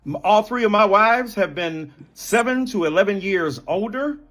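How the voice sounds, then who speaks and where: Man, high-pitched voice, indignant, emphatic, televised debate clip. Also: animated, normal speed, a bit bright. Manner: indignant, emphatic, lists charges word by word. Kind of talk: heated on-air argument.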